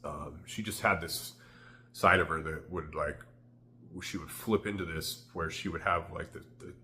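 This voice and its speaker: A man's voice: a bass voice, a little slow, pushed and bright, a little hiss or hum. A man telling a candid, rambling personal story to the camera, full of "like" fillers. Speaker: vlogger.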